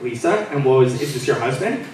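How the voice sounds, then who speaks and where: A man's voice: mid-range voice, lively intonation, brisk. A young man doing stand-up crowd work in a comedy club, brash and teasing, laughing between lines. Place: comedy club stage, live audience. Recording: echoey club room from a distance, loud noise.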